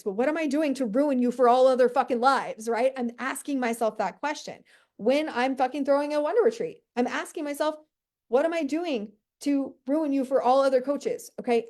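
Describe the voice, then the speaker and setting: A woman business coach in a brash, profane, high-energy motivational monologue, full of "like" and "right?". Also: dark tone.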